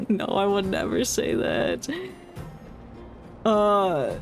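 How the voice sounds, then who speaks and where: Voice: mid-range voice, takes it slowly, soft background music. A game streamer commenting in a joking, chatty way while playing.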